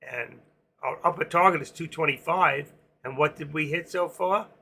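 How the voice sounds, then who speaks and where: Gravelly, husky-voiced older man trading live. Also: fairly high pitch, moderate pace, bright, forceful tone. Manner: rambling, joking asides, sings snatches of songs. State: losing his voice. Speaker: stock trading livestream host. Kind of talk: casual live-stream market commentary.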